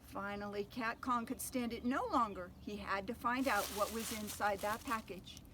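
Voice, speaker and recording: An older woman reading a picture book aloud to children, gentle and pausing to ask them questions. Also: mid-range voice, noisy background. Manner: gentle, asks listeners questions. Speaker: storyteller.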